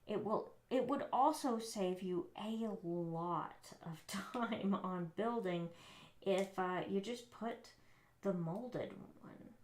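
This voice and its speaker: A woman's voice: mid-range voice, takes it slowly, reverberant. A woman hosting a live building stream, chatting casually and muttering in frustration as she builds. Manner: frustrated, muttering and often soft-spoken while building.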